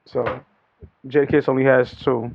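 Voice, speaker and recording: A man's voice: mid-range voice, little pitch movement, normal speed, creaky. A man hosting a podcast, chatting casually in loose slangy banter. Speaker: podcast host. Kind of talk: casual chat about hip-hop and news. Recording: dull lo-fi sound.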